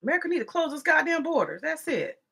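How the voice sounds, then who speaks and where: A woman's voice: high-pitched, big pitch swings, fast, gravelly, sharp tone. A woman commentator ranting heatedly in a casual monologue, profane and scolding, repeating herself as she gets worked up. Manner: repetitive, scolding. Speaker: political commentator.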